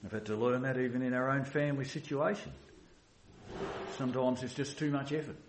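Male pastor, mid pitch, earnest sermon voice, echoey church room with faint ambience. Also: fairly even intonation, a little fast, slight background noise. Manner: earnest, with many restarts and "you know"s.

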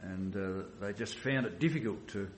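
A man's voice: fairly low pitch, normal speed, roomy sound, a little hiss or hum. A man preaching a sermon as a pastor in a church, talking earnestly with restarts and many "you know"s.

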